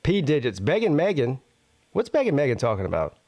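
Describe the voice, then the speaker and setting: A man's voice: medium pitch, huge pitch swings, brisk, darkish tone, no echo. Chill guy hosting a stream, reading chat names, mid voice, dry sound. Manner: laid-back, reads out chat names. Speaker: livestream host. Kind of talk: casual livestream hosting.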